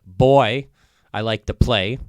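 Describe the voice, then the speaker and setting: A man co-hosts a casual podcast, ribbing his partner and spinning playful stories. His voice is smooth and resonant at a middle pitch. The sound is dry and close, with no room echo. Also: slow pace. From Northern Ontario, Canada. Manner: joking, teasing storyteller. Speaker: podcast co-host. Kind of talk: casual chat.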